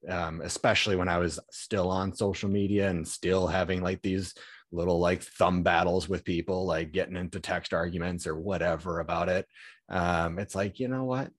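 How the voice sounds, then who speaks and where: A man with a deep, low-pitched voice hosts a podcast in an easygoing, earnest way, dotting his talk with fillers. The sound is dry and close, with no room echo. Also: fairly even intonation, moderate pace. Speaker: podcast host. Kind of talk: casual conversation.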